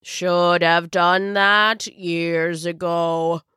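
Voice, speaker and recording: A kindly old wizard, voiced by a woman, speaks slowly and warmly in a storybook tale. His voice sits lower than the narrator's own, wise and unhurried. The recording is dry and close. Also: little pitch movement, smooth, dry recording, exaggerated voice. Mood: gentle. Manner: slow, deep, gentle and wise. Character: kindly old male wizard Father Frost. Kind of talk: storybook voice acting.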